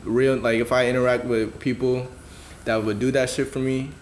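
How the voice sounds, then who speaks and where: A man's voice: medium pitch, level tone, moderate pace, slight background noise. Laid-back young man telling a story. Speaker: podcast co-host. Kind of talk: casual chat.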